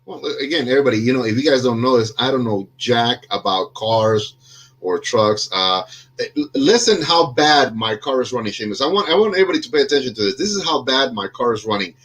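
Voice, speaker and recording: A man's voice: mid-range voice, animated, a little fast, a bit bright, slightly rough. Rambling, jokey man on a video call. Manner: jokey, self-deprecating, rambling with many fillers. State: under the weather. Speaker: podcast host. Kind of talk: casual video chat.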